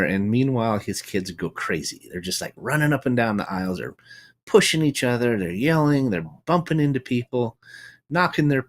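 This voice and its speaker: A middle-aged man from the United States talks through a solo podcast episode in a husky, fairly low voice. His pitch rises and falls a lot as he tells stories and reflects, often restarting phrases and tossing in "right?" along the way. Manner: reflective, storytelling, frequent restarts and "right?" tags. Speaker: podcast host. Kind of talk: solo monologue.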